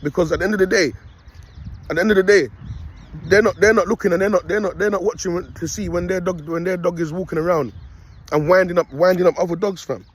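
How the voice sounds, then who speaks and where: A man's voice: high voice, fast talker, slight background noise. A young man, rambling in a casual preaching monologue full of street slang and repeated "you get me". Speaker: self-styled prophet vlogger.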